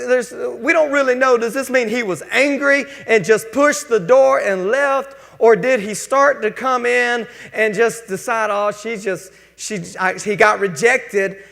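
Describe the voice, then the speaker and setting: A man with a drawl preaches with folksy, joking energy, his voice sitting unusually high with a gravelly edge. The sound carries long reverb from a church sanctuary. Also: a bit bright. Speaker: pastor. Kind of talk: sermon.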